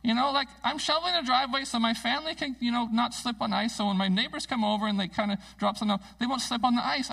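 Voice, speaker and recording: A middle-aged male pastor giving a casual, conversational sermon in a church, self-deprecating and animated when he tells stories. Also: very high-pitched, quick pace, creaky, few pauses, slightly rough, far from the mic, low-quality recording. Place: church sanctuary.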